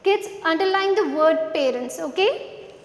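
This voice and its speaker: A woman's voice: very high voice, expressive, a little slow. A woman teacher revising a lesson with young children, spelling words letter by letter and asking simple questions. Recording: echoey room with long reverb.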